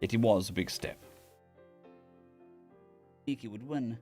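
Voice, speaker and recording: A man's voice: fairly low pitch, slow pace, warm tone, faint music behind. A man reading a story aloud on a live stream, with casual restarts and asides to chat.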